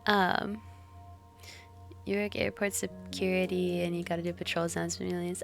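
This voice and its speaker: A woman's voice: mid-range voice, fairly even intonation, normal speed, gravelly, faint music behind. A young woman streaming a video game, chatting casually and giggling with her viewers. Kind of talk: casual live-stream chat while gaming.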